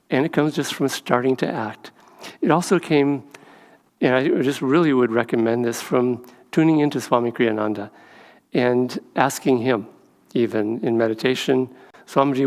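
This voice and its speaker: Monastic man giving a relaxed talk, average pitch, reverberant hall sound. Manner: gentle storytelling with many fillers. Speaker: monastic speaker. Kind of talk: spiritual talk. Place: temple hall.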